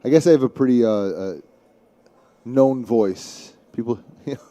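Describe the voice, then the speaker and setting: A man's voice: mid-range voice, a little slow, dark tone. A man from Staten Island with a thick New York City accent, chatting and rambling as a guest commentator on live pool. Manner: chatty, rambling, with many restarts.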